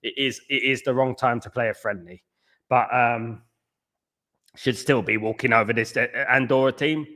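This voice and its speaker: A man with a bright, forward voice hosts a live football watchalong from his home in the small hours. He rambles between the match and the viewers' comments, reading them out and answering each one. He is blunt and scornful about the football. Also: medium pitch, fairly even intonation, moderate pace. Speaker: watchalong host.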